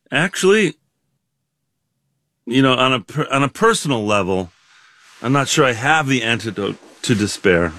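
A man's voice: medium pitch, a bit bright, no room sound, clean studio sound. Reflective man in his sixties. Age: 60s. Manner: halting, many fillers and restarts. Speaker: guest. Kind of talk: reflective interview talk.

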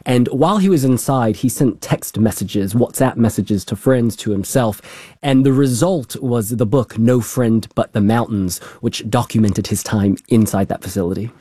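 A man talking in a measured, thoughtful way as a contributor on a radio arts program. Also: mid-range voice, dark tone, no echo, studio quality. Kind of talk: radio discussion.

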